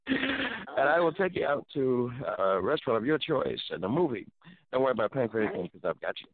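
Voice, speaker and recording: A middle-aged man hosting a talk show, telling a story in an animated, preacherly way and exclaiming often. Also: medium pitch, fairly quick. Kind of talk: casual storytelling. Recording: dry tinny phone-like sound.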